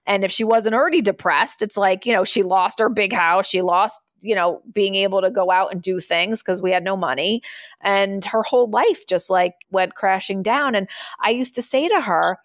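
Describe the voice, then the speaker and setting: A woman's voice: mid-range voice, moderate pace, no echo, clean studio sound. A woman in her thirties, speaking candidly as a guest in an interview, in an earnest, conversational way and acting out the voices she quotes.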